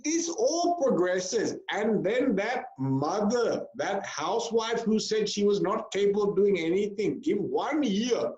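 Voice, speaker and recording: A fairly high-voiced man gives a spiritual discourse as a swami, storytelling with energy and slipping into the voices of the people he describes. The sound is roomy and a little dull, like a lecture hall recording. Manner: lively storyteller who acts out people's voices.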